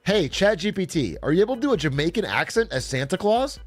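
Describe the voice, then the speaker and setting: A man's voice: high-pitched, very animated, fast talker, faint music behind. A man hosting a livestream, reacting in a casual, joking and profane way. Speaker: livestream host.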